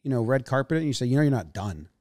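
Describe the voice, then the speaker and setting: A man's voice: medium pitch, animated, rapid-fire, a little mellow, no room sound. Teasing man in a dry studio. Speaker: podcast co-host. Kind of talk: casual sports chat.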